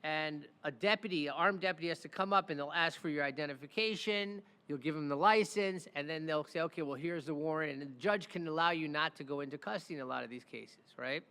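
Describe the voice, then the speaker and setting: A high-pitched man tells stories on his podcast in an animated, chatty way, often checking in with "right?". His voice rings with a long reverb, as if he is in a large, echoey room. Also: quick pace, few pauses, clean tone. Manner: animated, keeps asking "right?" and acts out the people in his stories. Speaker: criminal defense attorney and podcast host. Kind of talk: casual storytelling chat.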